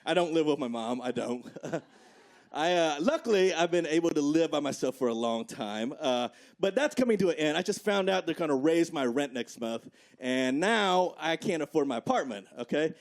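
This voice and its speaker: A man's voice: fairly high pitch, animated, moderate pace. A man in his forties from the Midwest doing a stand-up set, chatty and conversational, tagging lines with "right?" and "okay?". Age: 40s. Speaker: stand-up comedian. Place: comedy club stage. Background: audience laughter.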